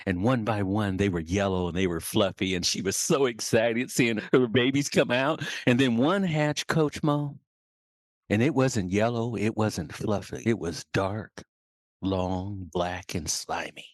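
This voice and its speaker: A man's voice: fairly low pitch, a little slow, dry recording, studio quality. A man, a leadership coach, telling a dramatic story on a podcast.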